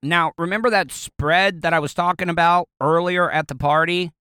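A man's voice: on the high side, fairly even intonation, moderate pace, pushed and bright, smooth, no room sound. A man with a Southern US accent telling a casual, rambling story to his viewers, with lots of fillers, restarts and chuckles.

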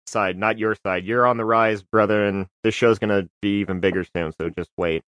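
A man's voice: lowish voice, brisk, smooth, no echo. A man talking casually as a podcast guest, swearing freely and acting out his stories. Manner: profane, animated storytelling. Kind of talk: casual chat.

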